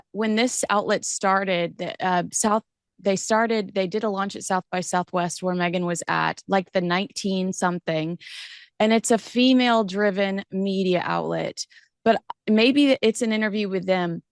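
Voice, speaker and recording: A woman's voice: mid-range voice, no echo. Woman host for casual commentary: wry, rambling, critical, dry sound.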